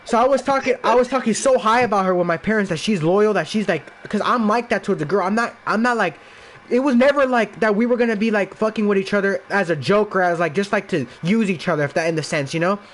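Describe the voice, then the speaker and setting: This podcast guest, a young Los Angeles-area man, talks fast in a high voice. In a casual conversation he rambles through a profane personal story, restarting often and saying "like" constantly.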